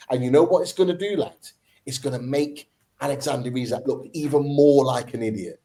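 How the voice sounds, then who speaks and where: A man's voice: medium pitch, fairly quick, mellow, poor audio. Passionate man ranting in a fan debate. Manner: passionate, ranting, repeats points for emphasis. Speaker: football podcast host.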